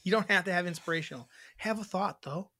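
A man's voice: sits high, fast, pushed and bright, no echo, clean studio sound. A man co-hosting a casual podcast, rambling and swearing casually as he chats. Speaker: podcast co-host. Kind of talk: casual chat.

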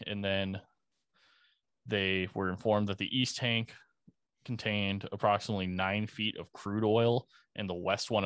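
Low-voiced man narrating casually with sarcasm. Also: a bit bright, no room sound. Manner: conversational, sprinkled with profanity and dry sarcasm. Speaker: podcast host. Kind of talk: casual true-crime narration.

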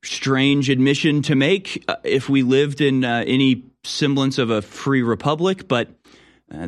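A man hosting a talk radio show, reading news stories aloud and commenting on them with sarcasm. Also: mid-range voice. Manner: sarcastic, reads headlines then editorializes.

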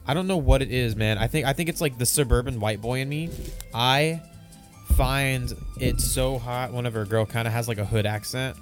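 A man's voice: mid-range voice, moderate pace, over music. A young man co-hosting a podcast, rambling loosely through crude casual stories. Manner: rambling, loose, lots of filler words. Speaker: podcast co-host.

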